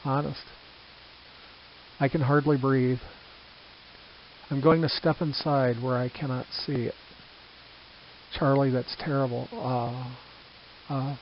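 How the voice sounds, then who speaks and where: A man voicing a frantic male radio reporter at a disaster, breathless and halting, his voice pitched up in distress. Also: lightly acted. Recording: slightly dull with faint hiss.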